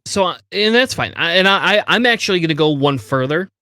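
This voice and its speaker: A man's voice: fairly high pitch, animated, brisk, bright, forceful tone, no room sound. A man co-hosting a podcast, talking angrily in a heated political discussion and swearing as he rants. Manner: angry, ranting, swears. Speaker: podcast co-host.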